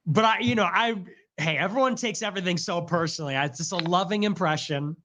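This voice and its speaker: A man's voice: high voice, fast, bright, forceful tone, slight background noise. A man in casual livestream chat, joking and rambling with frequent laughter.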